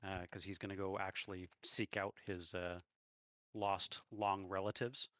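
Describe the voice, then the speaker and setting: A man's voice: sits low, level tone, measured pace, fairly bright tone, dry recording, highs cut off. A man running a tabletop game, chatting casually and thinking aloud over a voice call. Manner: laid-back, thinking aloud. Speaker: game master. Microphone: online voice call.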